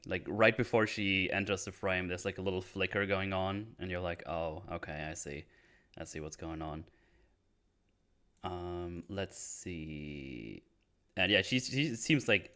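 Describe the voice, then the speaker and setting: A man's voice: deep voice, fairly bright tone. A man casually discussing a horror movie with friends, full of fillers and retold scenes. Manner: hesitant, many fillers, retells scenes. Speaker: podcast host.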